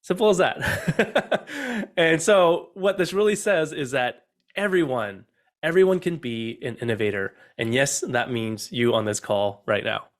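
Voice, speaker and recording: A man's voice: mid-range voice, moderate pace. Middle-aged male speaker, upbeat online talk, speaks straight to listeners. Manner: upbeat, addresses listeners directly with questions. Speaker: innovation speaker.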